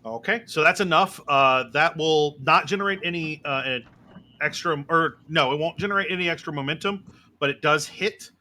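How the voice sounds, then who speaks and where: Need a male game master with a slightly high, bright voice, methodical and filler-heavy at the table. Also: moderate pace. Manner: methodical, explains rules with many fillers.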